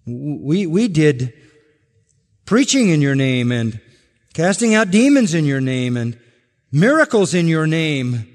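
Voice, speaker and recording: A man's voice: a little high, sing-song, takes it slowly. A man voicing a crowd of false believers at judgment, protesting in indignant, pleading tones. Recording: reverberant hall.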